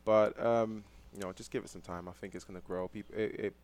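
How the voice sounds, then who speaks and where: A man's voice: lowish voice, fairly even intonation, brisk, darkish tone. A young man from London with a London accent, chatting casually as an interview guest, laid-back and laughing often. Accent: London English. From London, England. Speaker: football player guest.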